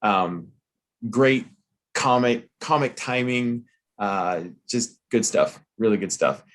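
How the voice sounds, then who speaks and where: A man's voice: mid-range voice, fairly bright tone. A man co-hosting a casual review chat, playful and showy, drawing out his announcements. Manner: playful showman, drawn-out announcer build-ups. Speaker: co-host.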